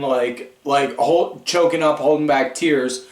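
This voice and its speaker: A man hosting a podcast, rambling through a casual recap with lots of fillers and animated storytelling. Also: fairly high pitch, moderate pace. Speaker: podcast host. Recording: echoey room, far from mic.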